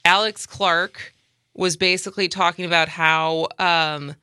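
A woman's voice: fairly low pitch, unhurried, smooth, dry recording, studio quality. Sarcastic woman in her thirties hosting. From Midwestern US. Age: 30s. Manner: lively, sarcastic, laughs often. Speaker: podcast host. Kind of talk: casual chat.

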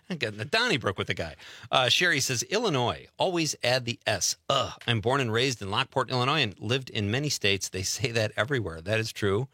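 A man's voice: mid-range voice, pushed and bright, no room sound, studio quality. A man with a Wisconsin accent hosting a casual radio talk show and reading listener messages. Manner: chatty, reads listener messages aloud. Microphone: studio mic.

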